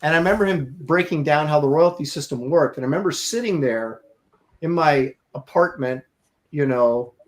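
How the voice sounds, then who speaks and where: Middle-aged male artist-host, fairly high-pitched, chatty and rambling storyteller. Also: moderate pace. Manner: rambling, with many fillers and restarts. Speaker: podcast co-host and comic artist. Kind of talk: casual storytelling chat.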